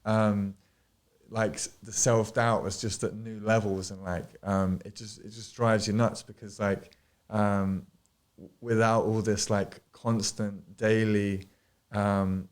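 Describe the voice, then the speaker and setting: Man, podcast guest, low-set voice, loose rambling delivery full of fillers. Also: level tone, takes it slowly. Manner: rambling, many fillers and restarts, swears freely. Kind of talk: casual podcast chat. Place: studio.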